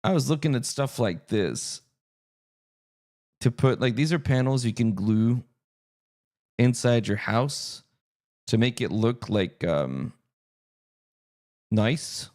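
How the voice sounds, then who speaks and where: Male streamer, casual live chat, thinks out loud, answers chat, animated and expressive. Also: mid-range voice, takes it slowly, long pauses. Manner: chatty, thinks aloud, answers viewer chat. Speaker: streamer and game master.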